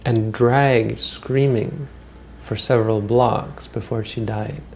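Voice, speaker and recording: A man's voice: mid-range voice, steady tone, takes it slowly, vocal fry, darkish tone, slight background noise. A man giving a Buddhist dharma talk, retelling old stories in a rambling, conversational way with frequent restarts. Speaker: Buddhist teacher.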